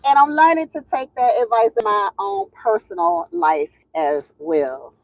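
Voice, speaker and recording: A woman's voice: medium pitch, unhurried, no room sound. A woman hosting a casual livestream, chatty and laughing often as she greets viewers and tells a story. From Southern United States. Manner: chatty, laughs often, drawling Southern phrasing. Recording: dull lo-fi sound, dry room.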